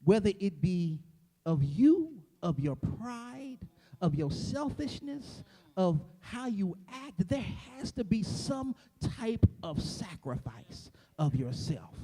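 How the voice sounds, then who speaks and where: A man delivers a church sermon in a strikingly high voice. His pitch moves in wide, lively swings. He builds to a whooping, shouted cadence full of repeated phrases. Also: takes it slowly. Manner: call-and-response repetition. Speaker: preacher.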